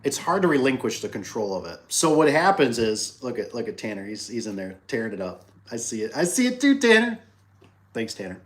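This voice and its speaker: A man's voice: on the low side, a little fast, hardly any pauses. A middle-aged man who runs a business, chatting casually on a livestream, rambling through stories, repeating phrases and acting out the people he quotes. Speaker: business owner hosting a livestream.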